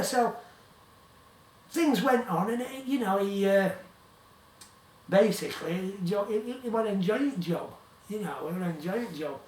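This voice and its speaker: A man with a Yorkshire accent telling a long rambling story in casual talk, often repeating himself. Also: high-pitched. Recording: roomy, distant from the mic.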